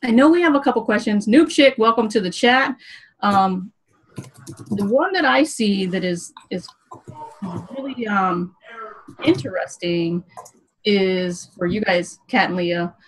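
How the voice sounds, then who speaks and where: An earnest woman hosts a gaming livestream and rallies her viewers in casual, plain-spoken talk. Her voice sits at an ordinary middle pitch for a woman, and now and then she lets a swear word slip. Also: measured pace, slightly rough, rough recording. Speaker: host. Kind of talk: livestream panel chat.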